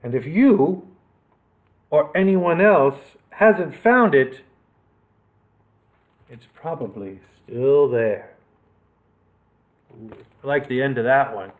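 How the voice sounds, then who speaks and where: Expressive man reading a children's story. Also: medium pitch, slow, pauses often. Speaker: children's librarian, story reader. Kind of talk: storytime read-aloud narration. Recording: tinny phone-like sound.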